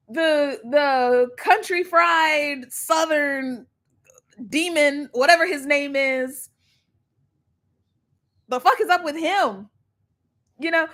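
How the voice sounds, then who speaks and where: A young woman chats on a livestream, rambling, laughing and swearing casually. Her voice sits fairly high and swings widely. She talks at a slow, unhurried pace into a laptop mic. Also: fairly bright tone. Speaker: livestream reaction host.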